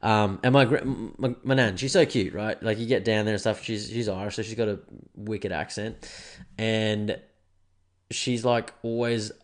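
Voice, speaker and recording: Australian podcast host, young man, lowish voice, casual and sweary, a bit stuffy from hay fever. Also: steady tone, moderate pace. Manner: laid-back, swears often, rambling. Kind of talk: casual solo podcast chat.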